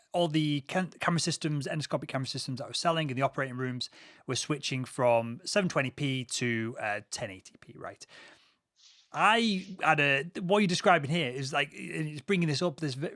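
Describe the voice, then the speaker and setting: A man's voice: on the high side, fairly bright tone, no room sound, studio quality. Man hosting a podcast. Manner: tells anecdotes from his sales past. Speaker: podcast host. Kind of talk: conversational interview. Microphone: studio mic.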